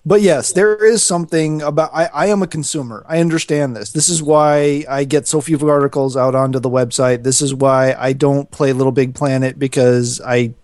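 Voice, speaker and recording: A man's voice: mid-range voice, steady tone, moderate pace, few pauses, darkish tone, no room sound, studio quality. Stammering man in a podcast chat. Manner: hesitant, stammering restarts. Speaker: podcast co-host. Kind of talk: casual chat.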